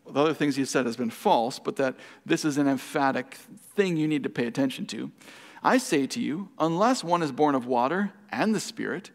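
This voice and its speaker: A pastor leading a Bible study, reading passages aloud and then explaining them with questions. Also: male voice, fairly high pitch, vocal fry. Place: church hall. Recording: hall reverb.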